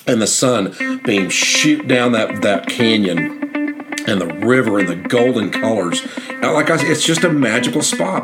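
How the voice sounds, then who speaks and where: A middle-aged man hosting a podcast, telling stories in a casual, rambling, enthusiastic way. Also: on the low side. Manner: rambling, enthusiastic, repeats words and restarts. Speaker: podcast host and guidebook author. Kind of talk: casual storytelling monologue.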